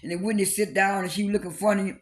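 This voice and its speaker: A man recapping a reality TV episode in a casual, halting way, with lots of fillers and repeated restarts. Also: fairly even intonation. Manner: briefly acts out quoted cast lines with raised pitch.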